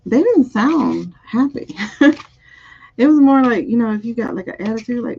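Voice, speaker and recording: A woman's voice: mid-range voice, lively intonation, brisk, creaky, darkish tone, slightly rough. A woman doing a live-streamed spiritual card reading, musing aloud over the cards and chatting with viewers. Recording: dull, muffled audio.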